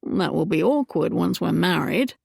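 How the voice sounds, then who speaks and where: A woman's voice: lowish voice, expressive, moderate pace, creaky, husky, no echo, clean studio sound, full character voice. A woman voicing a charming, roguish young Regency duke in an audiobook, speaking wryly and then earnestly. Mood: teasing.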